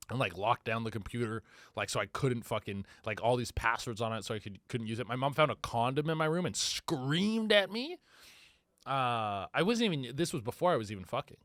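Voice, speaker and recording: A young man rants through a solo comedy podcast in a middle-pitched voice and swears freely. He acts out quotes with animated flair. The mic is close and dry, with no room sound. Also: no room sound.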